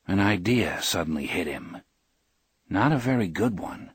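A man with a husky voice narrating a novel in a measured, expressive reading, recorded on a close studio mic. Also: deep voice, no room sound. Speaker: audiobook narrator. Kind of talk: scripted narration.

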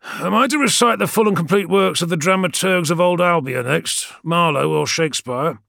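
A man voicing a male sergeant who reads reports briskly and answers with dry, flippant wit. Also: lowish voice, a bit bright, dry recording. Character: wry male soldier sergeant, dutiful but flippant.

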